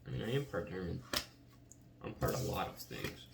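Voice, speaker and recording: A man's voice: sits low, wildly swooping pitch, brisk, vocal fry. A man giving a casual tarot reading in a chatty, rambling way, often saying "like.". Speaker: tarot reader. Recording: roomy, distant mic, faint noise.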